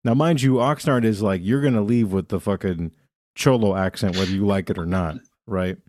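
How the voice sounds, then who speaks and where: A man's voice: lowish voice, moderate pace, darkish tone, dry recording, studio quality. A man from Southern California, a podcast host telling profane, rambling stories with lots of laughter. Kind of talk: casual comedy chat.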